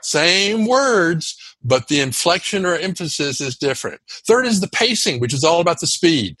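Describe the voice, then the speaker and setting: A man talks as a speaking coach on an interview show, his husky voice leaping up and down in pitch as he lays out his points one by one. He is emphatic and high-energy. The sound is dry and close. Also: normal speed, few pauses, dry recording. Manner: energetic, emphatic, teaching in lists. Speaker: guest, communication coach. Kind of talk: animated interview talk.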